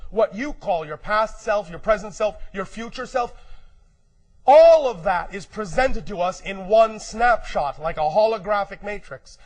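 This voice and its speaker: A man doing a high, slow, emphatic channeled lecture as a collective "we". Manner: slow, emphatic, declarative, often clears throat; speaks as a collective "we" addressing humans. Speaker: spiritual speaker.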